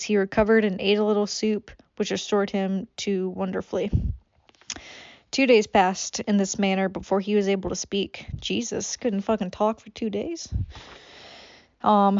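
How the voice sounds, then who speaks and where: A woman's voice: medium pitch, little pitch movement, normal speed, darkish tone, dry recording, dull audio. A woman reading a classic novel aloud as an amateur audiobook, stumbling over words and breaking off for swearing asides. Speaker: audiobook reader.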